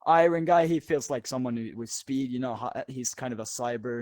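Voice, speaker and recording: A man's voice: medium pitch, a little fast, a little mellow, dry recording, studio quality. A young Swedish man, English as a second language, with a Swedish accent mixed with Australian and British, chatting loosely and laughing often as a podcast guest. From Sweden. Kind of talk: casual chat.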